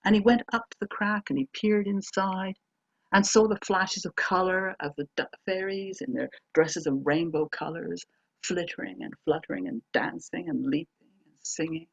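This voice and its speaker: A woman telling a folk tale aloud, dramatic, moving between hushed and emphatic delivery. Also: lowish voice, fairly even intonation, normal speed, vocal fry, slightly rough, dry recording, highs cut off. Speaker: storyteller. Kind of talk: oral folk-tale storytelling.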